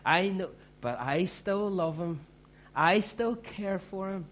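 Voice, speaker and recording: A man's voice: high voice, takes it slowly, a bit bright, pitched above the performer's own voice. A man doing a doting mother's fond voice. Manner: affectionate, indulgent. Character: doting mother fond of her unruly child.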